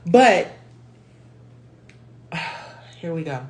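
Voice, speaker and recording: A woman with a low, grounded voice hosts her own stream and speaks frankly and emotionally to her viewers, swearing now and then and calling them y'all. A faint background hiss sits under the home-computer sound. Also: big pitch swings, extremely slow, a little mellow. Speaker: host. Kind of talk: casual livestream talk.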